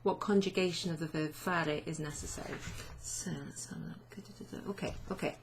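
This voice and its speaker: A woman's voice: on the low side, steady tone, moderate pace, slight background noise. A woman teaching a chatty, self-deprecating online language lesson, often asking learners questions.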